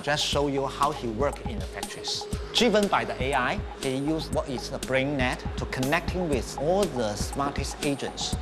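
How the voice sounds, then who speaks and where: A man representing a company, explaining a robot product in a brisk, matter-of-fact way. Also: mid-range voice.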